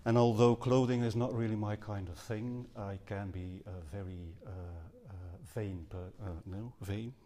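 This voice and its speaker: A man's voice: fairly low pitch, fairly even intonation, moderate pace, few pauses, dark tone. A man giving a Buddhist dharma talk to a live audience, speaking earnestly with some hesitations and self-corrections. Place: seminar house hall. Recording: long reverb from a hall.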